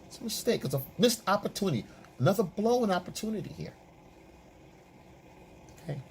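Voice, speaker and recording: A man's voice: sits high, lively intonation, brisk, a little hiss or hum. A man working as a dating and relationship coach, giving opinion commentary in an emphatic, repetitive, lecturing way.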